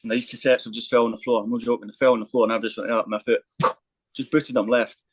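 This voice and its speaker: A fast-talking man spins a rough, swearing anecdote as a podcast guest, dropping into quoted voices as he goes. His voice sits at a middling pitch and is recorded dry and close, with no room sound. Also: little pitch movement, dry recording, low-quality recording. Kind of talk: casual storytelling.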